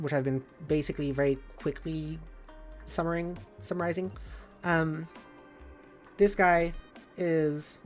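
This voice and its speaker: A woman streamer rambles casually through a live stream, full of fillers and bubbly asides. Her voice sits unusually low for a woman, and soft music plays faintly behind her.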